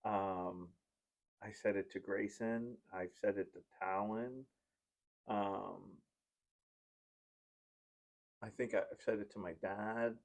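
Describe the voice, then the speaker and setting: A man's voice: fairly low pitch, steady tone, takes it slowly, creaky, long pauses. A man hosting a podcast and chatting casually, telling rambling, heartfelt stories as a parent. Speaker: podcast host. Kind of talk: casual chat.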